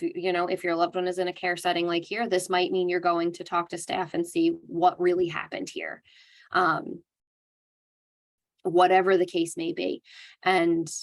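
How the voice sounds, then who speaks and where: A young adult woman with a slightly low voice delivers a dementia care lesson. She talks in an earnest, conversational way and acts out the kind, validating phrases she recommends. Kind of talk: educational talk.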